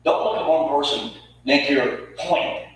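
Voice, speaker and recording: A man preaching a sermon with emphatic delivery, swinging from loud to hushed. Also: a little high, a little slow, slight background noise. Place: church sanctuary. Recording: echoey church hall from far off.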